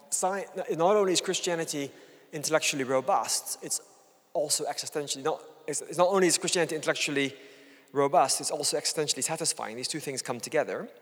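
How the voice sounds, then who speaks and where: A middle-aged man giving a public lecture to an audience, explaining in an earnest, measured way. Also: on the high side, fairly bright tone. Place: lecture hall before an audience. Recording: long hall reverb.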